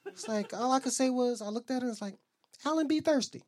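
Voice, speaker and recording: A man's voice: extremely high pitch, steady tone, quick pace, crowd noise. A man doing a stand-up comedy set on a club stage, telling profane stories and acting out the voices of the people in them. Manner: loose, profane storytelling with acted-out voices.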